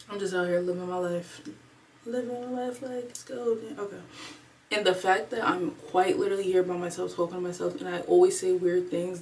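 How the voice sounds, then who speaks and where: A woman in her twenties, chatting alone at home in a casual storytime vlog, animated and replaying her own thoughts aloud. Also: on the low side, recorded from a distance, slight background noise. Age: 20s. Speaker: vlogger. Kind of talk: casual storytime chat to camera.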